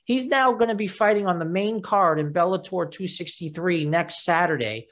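An interviewer with a New York accent, chatting casually and filling pauses with "uh" and "um". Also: medium pitch. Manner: halting, with many "uh" and "um" fillers.

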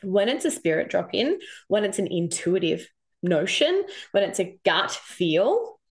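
A woman's voice: mid-range voice, very animated, a little slow. An Australian woman in her thirties, hosting a casual solo podcast as an intuition coach, telling stories and animatedly quoting herself.

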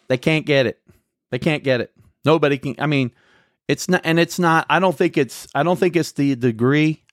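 A man's voice: on the high side, normal speed, dry recording, clean studio sound. A man hosting a podcast, giving a rambling, sarcastic political monologue full of self-corrections. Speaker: podcast host.

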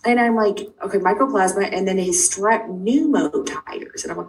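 A middle-aged woman, a guest, telling her own story quickly and emphatically, acting out the dialogue she quotes. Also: mid-range voice. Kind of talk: animated personal storytelling. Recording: distant mic with faint noise.

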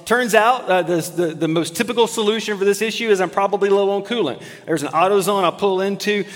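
A man preaching a sermon, telling stories with animated highs and dropping to a hushed, intimate voice. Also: quick pace. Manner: storytelling, swings from animated to hushed. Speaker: pastor. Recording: long hall reverb.

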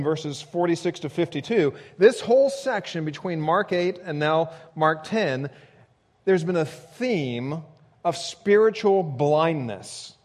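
A male pastor preaching a sermon, walking through a text verse by verse and lifting his voice sharply when he voices a quoted cry. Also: on the high side. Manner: expressive preaching, voice rising sharply for quoted shouts.

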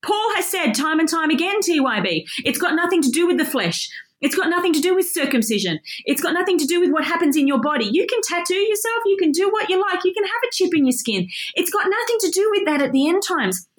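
Energetic woman teaching the Bible, roomy echo. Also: very high voice, fast talker. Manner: emphatic, reads scripture aloud and comments. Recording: echoey room.

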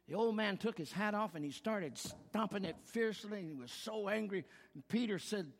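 A man's voice: high voice, lively intonation, normal speed. A man preaching a sermon as pastor, telling a joke and then making emphatic rhetorical points. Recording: long hall reverb.

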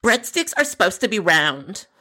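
A woman's voice: mid-range voice, sing-song, moderate pace, bright, forceful tone. A woman playing an angry, entitled customer on the phone, complaining in a whiny, indignant way.

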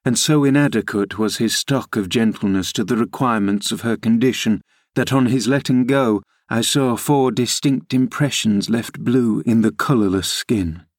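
A man narrating a classic novel as a podcast audiobook reader in a measured, even manner. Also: medium pitch, no room sound, studio quality. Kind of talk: scripted narration.

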